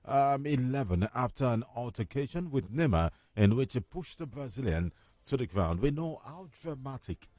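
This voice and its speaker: A man's voice: medium pitch, expressive, normal speed, few pauses, darkish tone, no room sound. A man hosting a radio sports show, reading headlines and putting questions to his co-hosts. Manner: reads headlines, then quizzes co-hosts. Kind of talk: casual sports talk.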